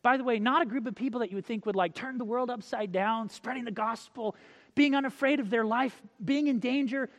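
A male preacher giving a sermon, telling stories, acting out quotes and reading scripture slowly. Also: very high voice, a bit bright, in a large hall. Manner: storytelling, acts out quotes, reads scripture slowly.

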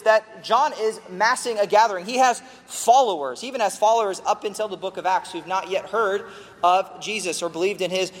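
High-voiced preacher in a big hall. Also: male voice. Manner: earnest teaching, emphatic on key words. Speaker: pastor. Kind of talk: expository sermon.

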